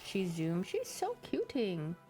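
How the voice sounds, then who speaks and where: A woman's voice: mid-range voice, wildly swooping pitch, takes it slowly, dark tone, soft background music. A young woman streamer chatting casually about her pets, giggly and playful, putting on little voices for them.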